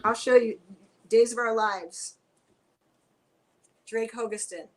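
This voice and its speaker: A woman guest on a video-call Q&A, chatting in a lively, rambling way. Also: a little high, takes it slowly, poor audio. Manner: chatty, animated, tangents.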